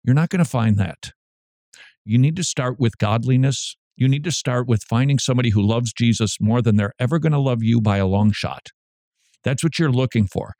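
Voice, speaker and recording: A man's voice: mid-range voice, normal speed, dark tone, no room sound, clean studio sound. A man hosting a daily Christian commentary show, talking in a wry, conversational way with sarcastic asides. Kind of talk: casual commentary.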